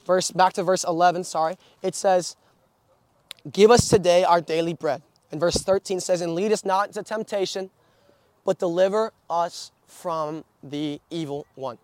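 Young man, high voice, dry close sound, sermon with rambling stories. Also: normal speed, dry recording. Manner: storytelling with frequent restarts and filler. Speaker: preacher.

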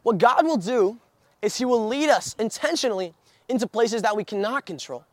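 A man's voice: very high voice, expressive, moderate pace, no echo. A young man preaching a sermon, telling stories with many restarts and fillers. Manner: storytelling with frequent restarts and filler.

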